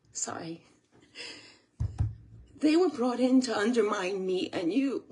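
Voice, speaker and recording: A channel host from the United States speaks slowly in a fairly high, mellow, husky voice with lively intonation. Near tears, she earnestly repeats herself while talking emotionally to the camera.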